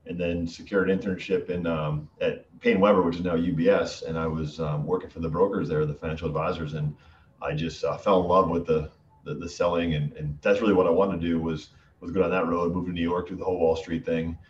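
Deep-voiced guy from western mass, mild new england accent, lots of ums, kinda far off and echoey. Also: fairly quick, slight background noise. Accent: Connecticut-like neutral New England. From Western Massachusetts. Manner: relaxed, many ums and restarts. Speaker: guest, sales executive. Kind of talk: casual interview chat. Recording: muffled, roomy, distant from mic.

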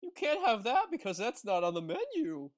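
A man voicing a timid young female goose schoolgirl from a cartoon, squeaky and stammering. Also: wildly swooping pitch, moderate pace, exaggerated voice. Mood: nervous.

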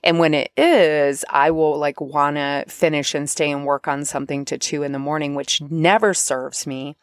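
A middle-aged woman coach talking casually about spiritual self-help, chatty and animated when she acts out her inner dialogue. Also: deep voice, moderate pace, dry recording, studio quality. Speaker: podcast host and coach.

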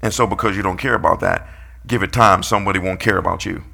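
Gravelly preacher man, playful. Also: low-pitched, fairly even intonation, fast talker, bright, forceful tone. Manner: playful, calls out the congregation, acts out quotes. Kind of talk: sermon.

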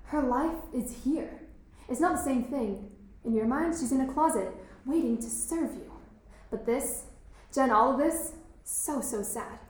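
Actress playing a sharp-tongued cynical schoolgirl, high voice, big echoey hall, stage play. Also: unhurried. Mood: scornful. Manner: provocative, mocking. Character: cynical, intense teen girl student.

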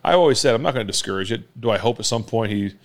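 A man's voice: fairly low pitch, animated. A man in his forties, a former quarterback hosting a podcast, telling stories in casual chat and acting out the lines of the people in them. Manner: rapid storytelling, acts out quotes.

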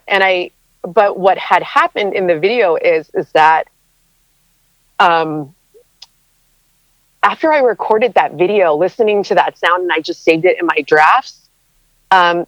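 A woman in her thirties talks through her answers as an interview guest, chatty and openly emotional, laughing between thoughts. Her voice sits a little low for a woman. The recording is dry and slightly muffled. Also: dry recording. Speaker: interview guest, content creator.

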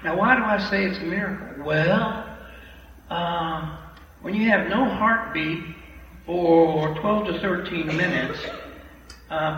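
A man giving an animated, emphatic testimony to a church congregation, repeating phrases for effect, heard from a distance in a large hall. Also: high voice. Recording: echoey hall from far off, dull and noisy.

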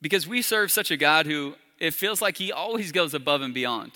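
A man preaching a sermon in a casual, conversational way, with soft, intimate appeals to the congregation. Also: fairly high pitch, animated, normal speed, big-room sound. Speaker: pastor.

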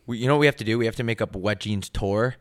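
A man's voice: fairly low pitch, racing, dry recording, clean studio sound. A young man co-hosting a casual podcast, talking loosely with lots of fillers and swearing. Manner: laid-back, filler-heavy, swears a lot. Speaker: podcast co-host. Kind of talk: casual chat.

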